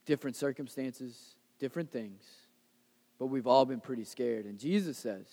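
A pastor preaching a sermon in a casual, conversational way, rising to loud emphasis and dropping to soft, hushed lines. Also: male voice, mid-range voice, moderate pace, big-room sound.

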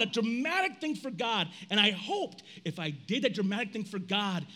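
A man in his forties preaching a sermon in a casual, animated way, reading scripture and breaking into loud outbursts. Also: high-pitched. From United States. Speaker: pastor.

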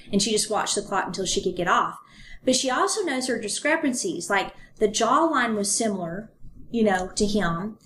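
A woman's voice: medium pitch, a bit bright. Woman co-host, conversational true-crime storyteller, loose and chatty, with a faint hiss under the voice. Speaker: podcast co-host. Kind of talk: casual true-crime podcast retelling.

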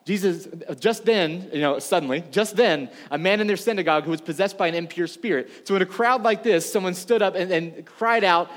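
A man's voice: sits high, fairly quick, few pauses, long reverb tail. A man preaching a sermon to a congregation in a casual, conversational way, full of asides. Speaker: pastor. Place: church room before a congregation.

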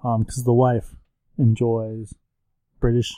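Dark-voiced joking man co-hosting. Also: mid-range voice, completely flat delivery, slow, no echo, low-quality recording. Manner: joking, playful, slips into silly voices. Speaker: podcast co-host. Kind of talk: casual chat.

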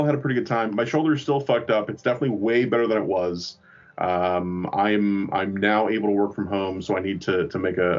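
A man with a lowish voice tells a rambling, profane story at an easy pace. The recording sounds a little dull and lo-fi, with faint music underneath. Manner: rambling, profane, self-mocking. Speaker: podcast co-host. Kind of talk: casual storytelling.

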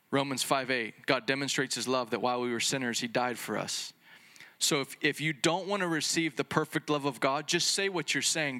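A man preaching a sermon in an excitable, conversational way, full of fillers and restarts, sometimes acting out little dialogues. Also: medium pitch, brisk. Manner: acts out little dialogues between Jesus and the Father.

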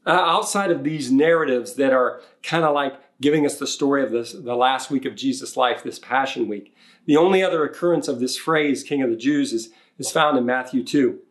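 A male pastor preaching a sermon in a relaxed, conversational way, often retelling the story in everyday words and acting out the quoted lines. His voice sits at an ordinary pitch for a man. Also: brisk. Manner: conversational, paraphrasing with animated quotes.

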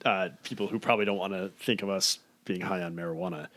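A man co-hosting a podcast, laid-back and chatty, a little drowsy and quick to laugh. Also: deep voice, steady tone, a bit bright, no echo. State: slightly drowsy from medication. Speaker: podcast co-host. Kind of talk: casual chat.

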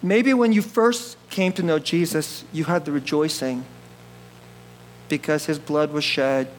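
High-voiced, animated male pastor. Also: a little slow, slight background noise, low-quality recording. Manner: animated and jokey, laughs often, swings from loud bursts to quiet asides. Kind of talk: sermon.

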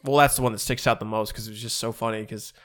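A man in his thirties telling a long funny story in a casual chat with friends, rambling and animated, jumping his voice up when he quotes people. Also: lowish voice, very fast.

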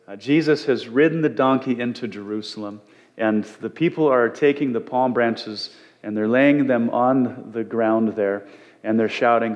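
A man gives a Bible lesson in an easygoing, conversational manner. He often pauses and restarts his sentences as he explains a point. His voice sits at an ordinary, middle pitch for a man. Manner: conversational, with frequent fillers and restarts. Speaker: pastor. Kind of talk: Bible teaching.

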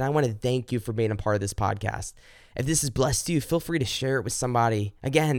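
Man, podcast host, earnest devotional talk, smooth resonant voice, dry close sound. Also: dry recording. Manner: earnest, repeats words, rises high and fervent when pleading.

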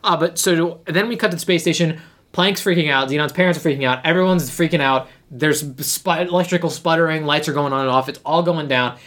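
Podcast host, casual plot recap, rambling and lively, mid-pitched voice. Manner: animated storyteller, many "like"s, acts out lines in quick voices. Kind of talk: casual chat retelling an episode plot.

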